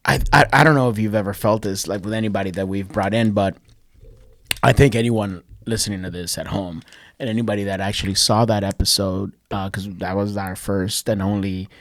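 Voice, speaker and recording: A man in his thirties co-hosting a casual podcast, telling stories with loud, laughing acted quotes and plenty of swearing. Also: fairly low pitch, a little fast, no room sound. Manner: animated storytelling, acts out quotes with loud laughing shouts. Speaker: podcast co-host. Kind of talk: casual chat. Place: Chicago.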